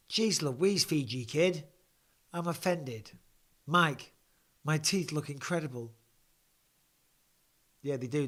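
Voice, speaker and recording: A man's voice: a little high, a bit bright. Stuffy-nosed man, chatty. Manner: chatty, restarts and asides. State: blocked nose. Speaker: host. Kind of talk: live reaction and fan Q&A chat.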